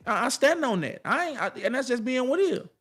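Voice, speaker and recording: A man with a fairly high voice delivers a motivational monologue straight to his viewers. He talks in a casual, colloquial way and hammers his points home through repetition. His delivery has the rising cadence of a preacher. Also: sing-song, a little fast, fairly bright tone, husky, soft background music. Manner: colloquial, addresses viewers directly. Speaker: motivational speaker.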